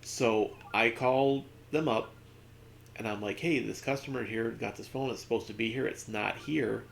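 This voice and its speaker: A man's voice: medium pitch, normal speed, gravelly, slight background noise. A man streaming a video game, rambling through a casual anecdote with lots of fillers. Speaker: gaming streamer. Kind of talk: casual storytelling while playing.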